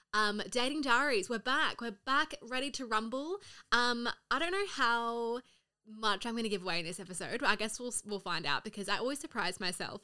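Twenties gal rambling on her podcast, swears a lot, kinda sharp bright tone. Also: mid-range voice. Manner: chatty, frequent swearing and fillers. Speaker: podcast host. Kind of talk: casual solo podcast chat.

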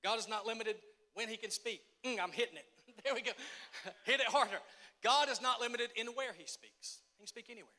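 A male pastor preaching a sermon, emphatic and repetitive, swinging from shouting to hushed tones. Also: extremely high pitch, a little fast. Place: church sanctuary. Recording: echoey church hall.

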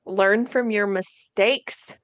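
Young woman in a book chat, smooth voice, dry close mic, kinda earnest and emphatic. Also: mid-range voice, fairly even intonation, takes it slowly, dry recording. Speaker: podcast co-host. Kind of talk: casual book discussion.

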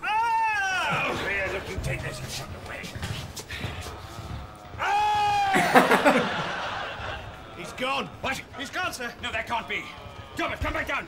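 Frantic ship surgeon, barking orders, very high voice, film clip, loud music. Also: male voice, heavily acted. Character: frantic old-fashioned ship surgeon, bossy man.

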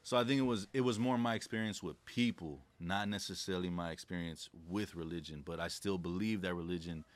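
The voice is low-pitched and fairly quick, belonging to a young man who's a credit specialist guesting on a podcast. Laid-back and reflective, he shares stories in casual slang.

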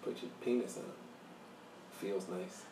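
A man co-hosting a podcast in casual banter, teasing his friend and jumping up in pitch when he mimics other people. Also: slow pace, dark tone. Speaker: podcast co-host. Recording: roomy echo, a bit distant, faint hiss.

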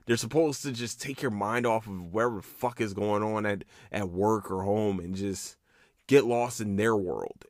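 A low-voiced man hosts his podcast alone, talking loosely and with lots of excitement. He swears freely and keeps restarting his sentences. The recording is dry and close, with no room sound. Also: no room sound. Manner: excited, profane, rambling with repeated restarts. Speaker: podcast host. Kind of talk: casual solo podcast chat.

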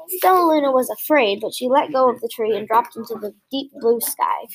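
A woman reading a children's story aloud in a clear, gentle way. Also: fairly high pitch, brisk, poor audio.

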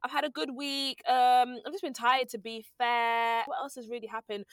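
A woman's voice: fairly high pitch, fairly even intonation, moderate pace, smooth, no room sound. Chatty young woman. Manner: chatty, laughing, teasing. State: congested. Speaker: podcast co-host. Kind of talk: casual chat.

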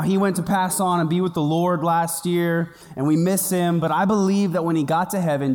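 A man's voice: fairly high pitch, darkish tone, in a large hall. A man preaching a sermon as a pastor, telling a funny personal story and acting out the voices in it. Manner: humorous storytelling with quoted voices. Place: church auditorium.

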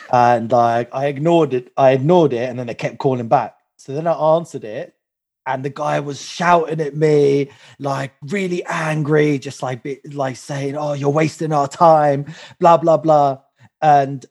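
A man's voice: mid-range voice, a little mellow. A young man, co-hosting a casual podcast chat and telling a long story with many fillers. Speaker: podcast co-host.

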